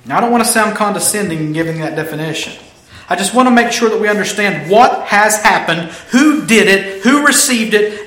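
Emphatic high-voiced male preacher, echoey room. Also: pushed and bright. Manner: emphatic, repeating key phrases. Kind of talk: sermon.

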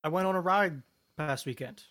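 Relaxed man with a higher voice chatting. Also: normal speed. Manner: laid-back storyteller recounting events step by step. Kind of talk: casual chat.

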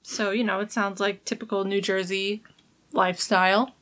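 A woman with a Midwestern American accent co-hosting a podcast, chatty and quick to laugh while recapping. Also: medium pitch, little pitch movement, fairly bright tone. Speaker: podcast co-host. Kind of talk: casual chat.

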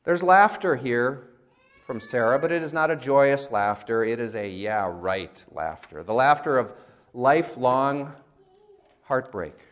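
A man's voice: mid-range voice, lively intonation, a little slow. A male pastor giving a conversational, wry sermon and acting out quotes.

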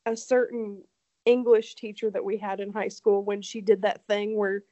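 A woman's voice: medium pitch, little pitch movement, moderate pace, dark tone, lo-fi sound. A woman co-hosting a casual podcast, cutting in with questions and laughing often. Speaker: podcast co-host. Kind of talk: casual chat.

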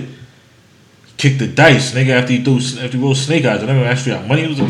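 A fast-talking podcast host with a mid-range voice recounts rowdy stories in casual chat, loudly and animatedly, acting out quotes and laughing often. The recording sounds roomy, with background noise.

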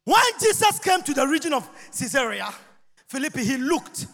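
Preacher, male, high forceful voice, long church-hall reverb, shouts and chants. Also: very animated, normal speed, vocal fry. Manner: shouts and chants, sings phrases, mimics people. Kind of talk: lively sermon with shouting.

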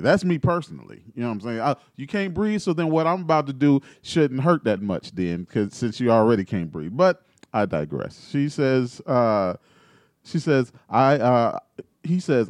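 A man's voice: medium pitch, animated, moderate pace, darkish tone, no room sound. A man co-hosting a casual chat show, reading posts aloud with joking asides. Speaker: podcast co-host.

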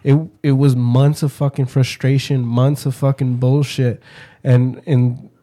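Mellow-voiced man arguing heatedly. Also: medium pitch, level tone, a little slow. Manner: heated, profane and argumentative. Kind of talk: casual chat.

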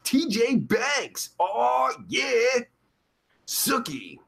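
A man's voice: extremely high pitch, very animated, extremely slow, creaky, fairly bright tone, heavily acted. A man playing a crude, vulgar livestream host who rambles profanely while reading out chat. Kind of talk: live chat comedy stream.

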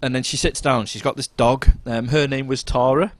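Animated man telling a pub story. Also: medium pitch, moderate pace, dry recording. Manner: animated, laughs through anecdotes, mimics voices. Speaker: podcast co-host. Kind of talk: casual storytelling chat.

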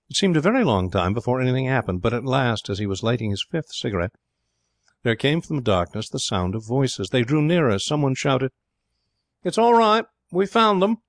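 A man reading a story aloud as an audiobook narrator, in a measured, deliberate way. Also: low-pitched, dry recording, clean studio sound. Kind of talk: scripted narration.

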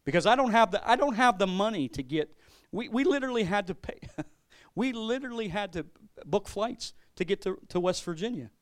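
A man preaching a sermon as pastor, with a voice a bit higher than most men's. He tells a personal story in an easy, conversational way, restarting and repeating words as he goes. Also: expressive, a little fast. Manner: conversational, repeats words, laughs, acts out quotes.

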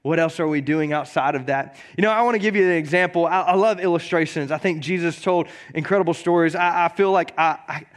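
A man, a pastor, preaching a sermon in a casual, joking way, often repeating words, and reading scripture slowly. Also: fairly high pitch. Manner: reads scripture slowly and deliberately.

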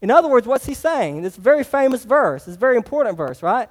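Pastor, man, high voice, emphatic and repetitive sermon delivery, long church reverb. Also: very animated, a little fast, few pauses. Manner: emphatic, repeats phrases, asks the congregation rhetorical questions. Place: church sanctuary.

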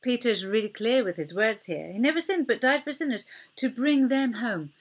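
A woman preacher giving a sermon in an earnest, gentle way, often dropping to a soft near-whisper for emphasis. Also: on the high side, lively intonation, normal speed, slightly rough.

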